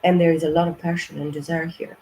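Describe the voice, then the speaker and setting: A woman's voice: low voice, level tone, fast, warm tone, a little hiss or hum, low-quality recording. Blunt, profane woman reading tarot. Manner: rambling, with many fillers. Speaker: tarot reader.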